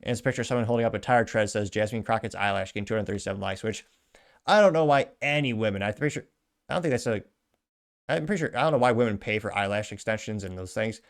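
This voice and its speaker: A man's voice: lowish voice, quick pace, creaky. Wry male host reading comments. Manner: wry, offhand asides with chuckles. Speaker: show host.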